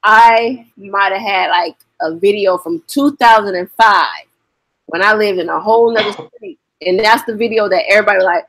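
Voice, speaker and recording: A woman co-hosting a casual chat, telling lively stories and cursing freely. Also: medium pitch, moderate pace, no echo. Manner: lively storyteller, curses freely. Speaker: co-host.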